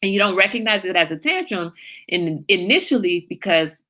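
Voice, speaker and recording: A middle-aged woman hosting a livestream, chatting casually and emphatically with viewers and telling animated stories. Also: medium pitch, moderate pace. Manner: animated storyteller, emphatic, reads viewer comments. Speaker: livestream host.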